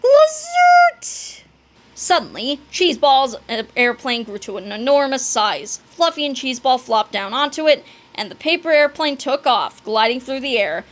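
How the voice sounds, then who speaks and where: A woman reading a children's book aloud, telling the story with animated delivery and dramatic sound words. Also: high-pitched, normal speed. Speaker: narrator.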